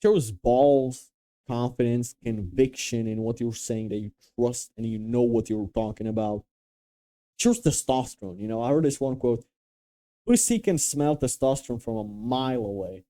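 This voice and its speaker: A man's voice: medium pitch, normal speed, warm tone. A young man from Romania giving casual, blunt, profane advice with emphatic restarts. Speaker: dating and confidence coach.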